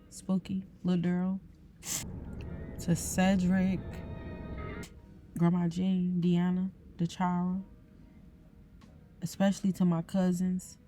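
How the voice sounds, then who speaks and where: A young woman hosting a podcast, speaking tearfully and haltingly in an emotional personal reflection. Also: lowish voice. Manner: tearful, soft-spoken, halting with fillers. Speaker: podcast host.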